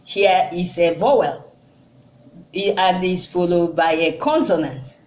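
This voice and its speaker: A woman with a Nigerian accent, a native Igbo speaker, giving an informal spoken language lesson with many fillers and restarts, and repeating words slowly for learners. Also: lowish voice, darkish tone. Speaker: language tutor. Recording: echoey room.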